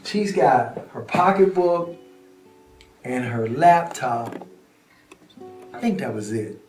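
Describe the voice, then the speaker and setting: A man telling a story in a prison visitation room, acting out the scene and sometimes dropping to a hush. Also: mid-range voice, expressive, slow. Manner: acts out scenes and voices, drops to hushed tones. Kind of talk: animated storytelling. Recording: roomy echo, faint guitar music.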